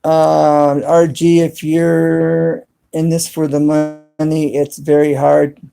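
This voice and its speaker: A man hosting a casual live stream from his cell phone, talking to viewers in the chat and spelling words out slowly and deliberately. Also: a little high, completely flat delivery, gravelly, warm tone, clear, resonant tone, faint music behind. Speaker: YouTube channel host live streaming.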